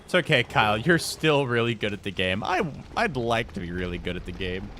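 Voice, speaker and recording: A man's voice: mid-range voice, big pitch swings, normal speed, background noise. A young man live-streaming a game, joking with his chat in self-deprecating banter and explaining boss tactics step by step. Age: young adult. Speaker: gaming livestreamer. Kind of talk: casual live-stream chat while playing.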